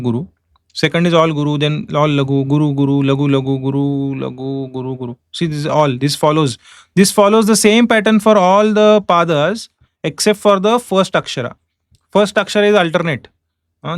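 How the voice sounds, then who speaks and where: A man teaching a class, explaining step by step and chanting verses slowly in meter. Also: a little high, no room sound, studio quality. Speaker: Sanskrit teacher. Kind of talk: online class lecture.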